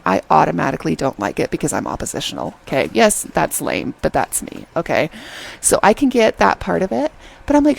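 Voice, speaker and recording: Gravelly, husky woman reviewing a drama. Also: mid-range voice, normal speed, low-quality recording. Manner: chatty, animated retelling, keeps asking "okay?". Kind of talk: casual video review.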